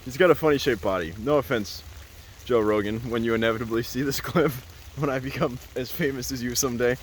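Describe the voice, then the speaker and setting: A man at an ordinary pitch tells a loose, rambling story in a casual vlog. He keeps reaching for "like" and "uh" and laughs often as he talks. A faint hum of noise sits behind him. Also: fairly quick. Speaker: vlogger.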